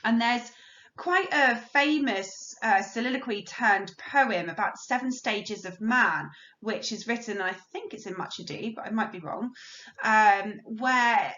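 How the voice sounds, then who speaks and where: Teacher lady going through a play, bit high voice, roomy dull audio. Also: a little slow, a bit bright. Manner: explains plainly, reads quotations aloud, some restarts. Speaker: English teacher. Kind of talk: recorded literature lesson.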